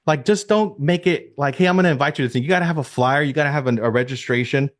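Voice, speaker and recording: On a video call, a real estate team leader delivers a high-energy coaching session, talking fast in a slightly high voice. He keeps circling back to his key points and peppering the group with rhetorical questions.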